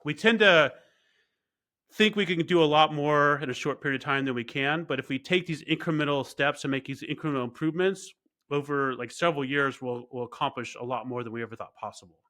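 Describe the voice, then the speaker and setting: A man's voice: on the high side, brisk, sharp tone. A middle-aged man, a guest on an interview show, telling a personal story earnestly, with many fillers and restarts. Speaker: guest, cybersecurity expert. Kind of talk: conversational storytelling.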